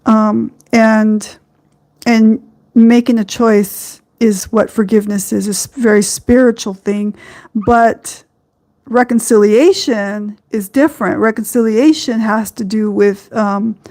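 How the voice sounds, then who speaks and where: Slow, halting woman podcast host. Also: a little high, fairly even intonation, darkish tone. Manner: slow, halting, many ums and you-knows. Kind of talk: reflective spiritual talk.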